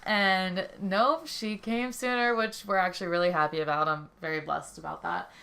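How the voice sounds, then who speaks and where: A woman's voice: fairly low pitch, steady tone, moderate pace, creaky, bright, forceful tone, clear, resonant tone. A young woman casually telling a storytime tale, chatty and rambling, laughing easily. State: stuffy from a head cold then. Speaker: co-host telling a birth story.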